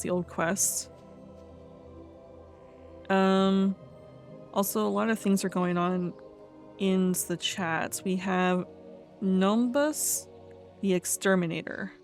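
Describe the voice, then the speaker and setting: A woman's voice: on the low side, a little mellow. A woman casually commenting on a game, reading quest text aloud, laughing and stumbling over fantasy names. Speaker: let's play host.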